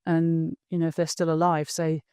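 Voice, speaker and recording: A woman hosting a podcast, chatting casually and warmly, with lots of fillers and quick affirmations. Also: low voice, monotone, smooth, dry recording, clean studio sound. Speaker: podcast host. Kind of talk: casual interview chat.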